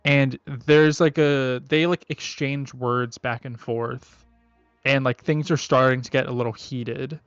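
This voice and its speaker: Male game master, slow, hesitant narration, dull recording. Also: mid-range voice, fairly even intonation, a bit bright, clear, resonant tone, no room sound, soft background music. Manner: halting, full of "um" and "like".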